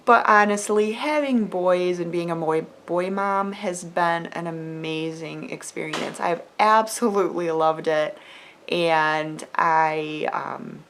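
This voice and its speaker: A woman's voice: fairly low pitch, slow, fairly bright tone, a little hiss or hum. A middle-aged woman talking to camera in a chatty, earnest way, with many fillers and quoted voices. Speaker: homeschool mom vlogger. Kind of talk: casual talk to camera.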